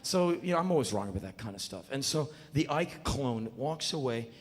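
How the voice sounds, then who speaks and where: A man performing a live spoken word monologue, telling a story in an intense, animated and profane way, often mocking himself. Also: mid-range voice, moderate pace. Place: stage in a large venue. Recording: echoey live hall with faint noise.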